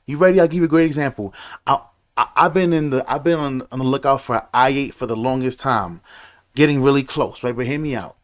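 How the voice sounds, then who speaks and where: A man's voice: medium pitch, quick pace. A man ranting to camera about marriage, frustrated, preachy and repeating himself. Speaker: commentator. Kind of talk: reaction rant to camera.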